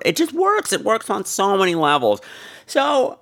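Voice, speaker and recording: A man with a somewhat high voice talks through old films in a casual, comedic podcast review. He is animated and campy, and he swears freely. His delivery swings between gossipy excitement and wry asides. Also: a little slow. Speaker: podcast host.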